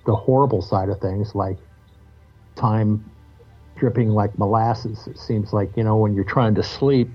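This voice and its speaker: A man with a low, husky voice talks as a podcast guest, candid and reflective, cursing casually as he opens up. The sound is muffled and lo-fi. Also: steady tone, unhurried, soft background music. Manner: candid, reflective, loose and swearing. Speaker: guest musician. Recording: muffled lo-fi audio.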